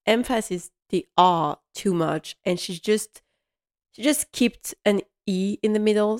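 A woman's voice: lowish voice, clean tone. Chatty woman hosting a fan podcast. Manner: rambling and chatty, with frequent ums and restarts. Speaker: podcast host. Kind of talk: casual solo podcast chat.

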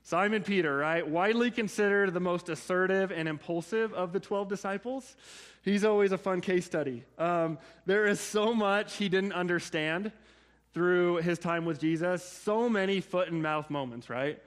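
A man preaching a sermon in a conversational way, often checking in with his listeners through quick asides. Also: high-pitched. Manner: conversational, frequent "right?" and "like" asides. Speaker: pastor.

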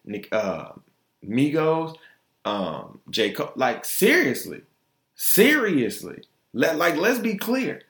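A man hosting his own podcast, giving an opinionated, exasperated casual monologue. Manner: animated, exasperated, swings pitch up high in mock disbelief. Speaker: podcast host. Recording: echoey room.

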